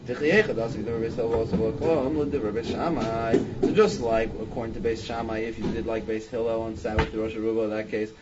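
A man's voice: lowish voice, steady tone, quick pace, few pauses, dull audio, heavy background noise. A man leading a Talmud study class, thinking aloud with frequent restarts and "I mean". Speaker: Talmud teacher.

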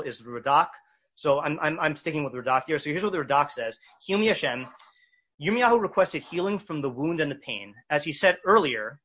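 A man leads a text study class in a bright, slightly husky voice. He reads verses slowly, then explains them with frequent fillers and restarts. The recording is dull and lo-fi. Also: fairly high pitch. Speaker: Torah teacher.

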